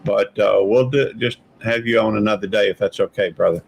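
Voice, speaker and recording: A man's voice: fairly low pitch, brisk, creaky, slight background noise, rough recording. Easygoing man hosting a stream. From Mississippi. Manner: easygoing, rambling, calls people brother. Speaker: live stream host. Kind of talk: casual live stream chat.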